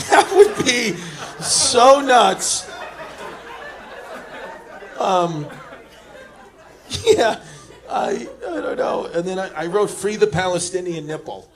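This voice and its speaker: A male stand-up comedian doing brash, teasing crowd work, throwing quick jokes at audience members on a club stage. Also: sits high, animated. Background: audience laughter.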